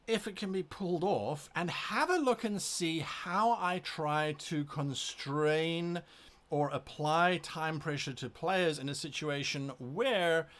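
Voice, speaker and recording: A man with a somewhat high voice talks informally before a tabletop session. He explains his preparation as a game master and thinks aloud as he goes. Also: a bit bright. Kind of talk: casual pre-session talk to camera.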